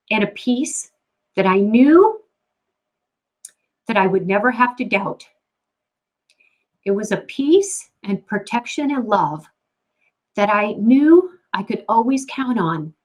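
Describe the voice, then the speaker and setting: A middle-aged woman giving a personal faith testimony, halting with frequent repeated words and restarts. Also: a little high, low-quality recording.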